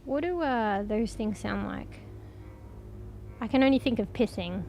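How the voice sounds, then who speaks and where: A woman's voice: fairly high pitch, measured pace, gravelly, darkish tone, soft background music. A young Australian woman streaming, chatting casually with viewers and swearing freely as she talks. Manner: chatty, swears casually, reads chat aloud. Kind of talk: casual live-stream chat.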